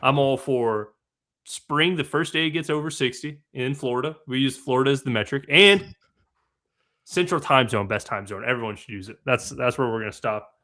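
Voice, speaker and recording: A young man co-hosting a casual sports betting podcast, opinionated and emphatic, breaking into fast rants. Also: medium pitch, pushed and bright. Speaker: co-host analyst.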